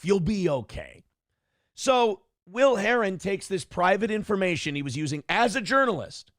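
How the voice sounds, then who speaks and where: A streamer host rants casually in a snarky, smug way, peppering his commentary with mocking, taunting asides. His voice is fairly high-pitched, and the recording is clean studio sound with no room sound.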